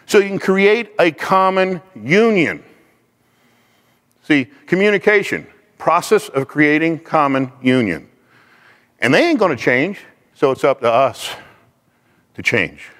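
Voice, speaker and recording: Lively preacher man in a hall. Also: a little high, slow, pauses often. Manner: lively and conversational, acts out quoted speech. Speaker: teacher. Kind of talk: faith-based teaching talk.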